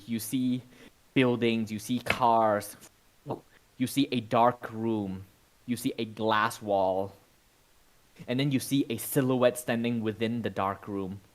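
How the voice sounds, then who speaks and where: A man's voice: mid-range voice, low-quality recording. A man narrating a tabletop role-playing game as game master, in a casual, descriptive way with lots of "sort of, like".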